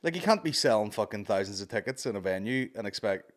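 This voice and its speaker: A man's voice: on the low side, animated, fast. A man, a stand-up comedian guest, chatting casually with rambling, sweary restarts. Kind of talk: casual chat.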